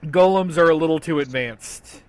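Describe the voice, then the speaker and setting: A man's voice: fairly high pitch, moderate pace. A man narrating a tabletop game as game master, easygoing and hesitant, laughing often.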